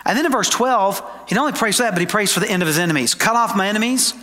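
A man preaching a sermon to his congregation, emphatic, slowing down for quoted scripture and dropping into conversational asides. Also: high-pitched, expressive, bright, forceful tone. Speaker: pastor. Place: church sanctuary. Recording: long hall reverb.

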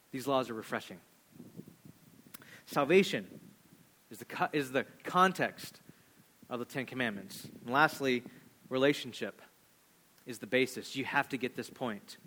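A man in his thirties preaching a sermon, animated, swinging between loud emphasis and hushed, low asides. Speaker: pastor.

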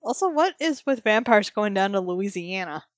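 A woman co-hosting a podcast in relaxed casual chat, laughing often. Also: mid-range voice, normal speed, dry recording. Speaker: podcast co-host.

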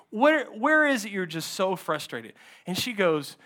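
A man's voice: high voice, normal speed, pushed and bright. A man preaching a sermon as a pastor, animatedly acting out a story from a counseling session.

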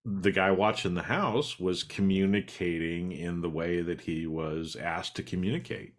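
Deep-voiced laid-back man. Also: fairly even intonation, measured pace. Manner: laid-back, swears, laughs loudly. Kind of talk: casual chat.

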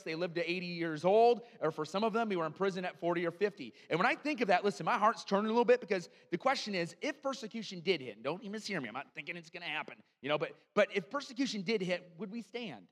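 A male pastor preaching a sermon in a church, animated and conversational, with frequent asides to the congregation. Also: high voice, big-room sound.

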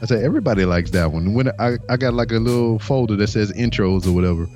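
A man's voice: lowish voice, quick pace, a little mellow, soft background music. A man hosting his own podcast, chatting casually, laid-back and swearing freely, trailing off with fillers. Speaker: podcast host.

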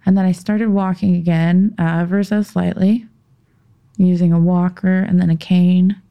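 A woman guest on a podcast telling a personal story in conversation. She talks haltingly, with restarts and pauses, and drops into a tense whisper when she gets heated. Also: lowish voice, little pitch movement, gravelly, muffled recording.

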